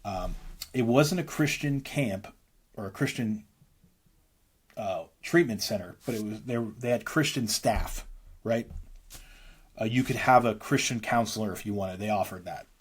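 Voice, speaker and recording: Husky man telling his story, rambling. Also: lowish voice, unhurried, pauses often. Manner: rambling, earnest, many restarts and fillers. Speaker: interview guest, musician. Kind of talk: candid storytelling interview.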